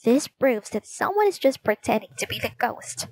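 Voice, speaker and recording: A woman's voice: a little high, sing-song, normal speed, darkish tone, dry recording. Ruth Rose, a woman voicing an eager young girl sleuth. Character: quick-witted young girl detective.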